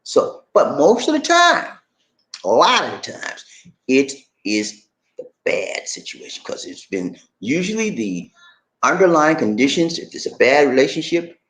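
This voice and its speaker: A man's voice: mid-range voice, roomy sound. A man hosting a relationship-advice video, talking in a casual, preachy, playfully pleading way. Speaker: relationship vlogger.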